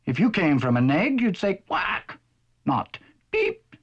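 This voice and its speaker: A man's voice: high-pitched, huge pitch swings, slow pace, slightly rough, muffled recording, pitched above the performer's own voice, heavily acted. A man voicing a cross, lonely male duck who speaks in a huffy, stern way in a vintage cartoon.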